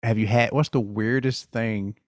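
A man from Georgia with a Southern accent and a rough voice, hosting a podcast interview in a chatty way and laughing often. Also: on the low side, fairly even intonation, moderate pace, no room sound, clean studio sound. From Georgia, USA. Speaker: podcast host.

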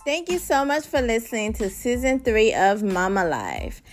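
A woman's voice: fairly high pitch, sing-song, moderate pace, faint music behind. A young woman hosting a parenting podcast, chatting casually and calling her listeners y'all. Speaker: podcast host. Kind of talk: casual chat.

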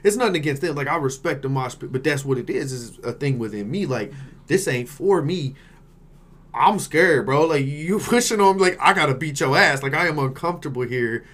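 A man on a casual podcast, joking about himself with a lively, swinging pitch. His voice is bright and slightly high, and he swears freely. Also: a little fast. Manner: joking, self-mocking, profane. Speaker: podcast co-host. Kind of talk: casual chat.

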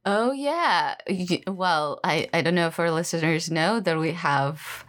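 A woman's voice: lowish voice, a little slow. A woman co-hosting a comedy podcast, bantering playfully with laughing asides. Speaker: podcast co-host.

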